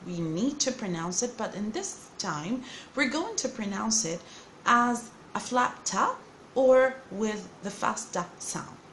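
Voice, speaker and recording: Lively woman teaching English pronunciation. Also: fairly high pitch, roomy sound, slight background noise. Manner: explains slowly, repeats example words for contrast. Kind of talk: online pronunciation lesson.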